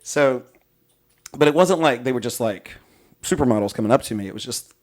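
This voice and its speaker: A young man hosting a podcast tells a long story in casual chat, his mid-range voice moving fairly quickly. He's animated and profane, packing in swearing and fillers, and slips into voices to mimic the people he quotes.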